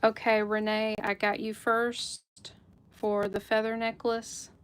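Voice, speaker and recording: A woman's voice: fairly high pitch, flat delivery, slow pace, clean tone. A woman hosting a live jewelry sale stream, chatting casually with viewers by name and laughing often. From United States.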